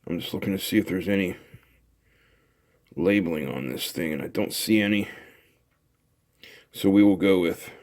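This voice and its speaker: Low gravelly man chatting at the workbench. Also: normal speed, long pauses. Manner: relaxed, chatty, thinking aloud while soldering. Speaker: electronics hobbyist host. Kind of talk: casual build commentary.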